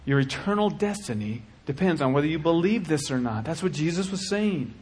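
A man preaching a sermon with passion, dropping to a hush and then rising to shouting. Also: a little high, animated, a little fast, breathy edge. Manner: impassioned, swings from hushed to shouting.

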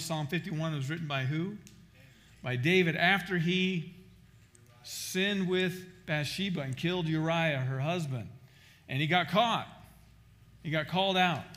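A man's voice: fairly high pitch, a bit bright. A man preaching a sermon as pastor, emphatic, often restarting and repeating words.

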